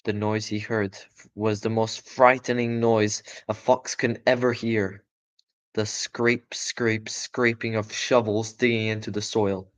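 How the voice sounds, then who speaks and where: A man's voice: on the low side, little pitch movement, measured pace. Casual male storyteller reading aloud. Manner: casual, chatty asides with laughs and self-corrections. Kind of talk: live audiobook reading.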